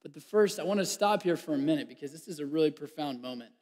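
A man preaching a sermon. He acts out the scripture with laughs and drops into a hushed voice at times. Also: a little high, expressive, fast. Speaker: pastor. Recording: long hall reverb.

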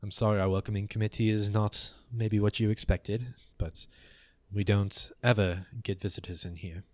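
A man voicing a calm, collected male winged elf ruler with a silky, smooth voice. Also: on the low side, normal speed, no echo, clean studio sound, natural voice. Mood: apologetic. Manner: polite and quiet.

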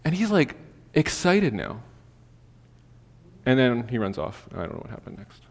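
A man's voice: medium pitch, sing-song, normal speed, vocal fry. A man preaching a sermon, telling a casual personal story full of fillers before turning to scripture. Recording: long hall reverb.

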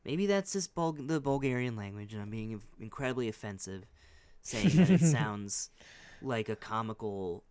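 A man's voice: mid-range voice, big pitch swings, normal speed, a crowd in the background. A man co-hosting a podcast, chatting casually and rambling, hedging with many restarts. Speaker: podcast co-host. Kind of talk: casual chat.

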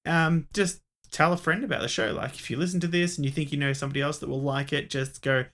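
Gravelly Australian man, rambling and sweary. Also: on the high side, fairly even intonation, quick pace, a bit bright. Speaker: podcast co-host and player. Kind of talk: casual podcast outro.

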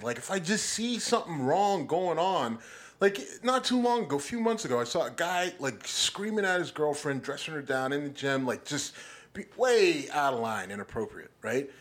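A man's voice: a little high, a bit bright. A man co-hosting a podcast in a studio, talking bluntly and with plenty of swearing as he gets heated. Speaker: podcast co-host. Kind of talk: casual chat.

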